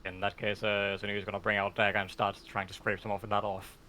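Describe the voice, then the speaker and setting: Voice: sits low, level tone, fairly quick, bright, forceful tone, slight background noise. A player in a tabletop game, speaking casually and playfully, with frequent fillers.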